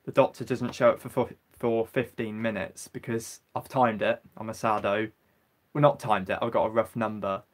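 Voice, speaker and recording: Young English guy, livestream host, mid-pitched, chatty and halting, lots of ums while reading viewer comments. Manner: rambling, hesitant, many ums. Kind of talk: casual live chat answering viewer comments.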